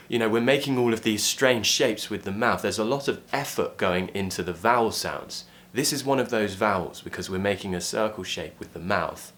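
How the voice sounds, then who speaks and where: A man's voice: deep voice, a bit bright. British RP man teaching pronunciation. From Britain. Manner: clear, demonstrative, drawn-out model sounds. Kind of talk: online pronunciation lesson.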